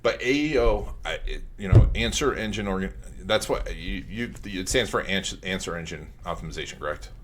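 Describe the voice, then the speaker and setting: A man hosting a casual podcast interview from his office, rambling loosely and circling back on himself. His voice sits on the low side. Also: lively intonation, normal speed, few pauses, noisy background. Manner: casual, rambling, many fillers and restarts. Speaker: podcast host.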